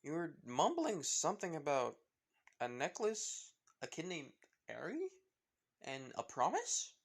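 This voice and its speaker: A man's voice: fairly high pitch, wildly swooping pitch, measured pace, vocal fry, heavily acted. A man voicing a concerned companion asking a friend if he is all right. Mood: worried. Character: worried companion checking on a friend.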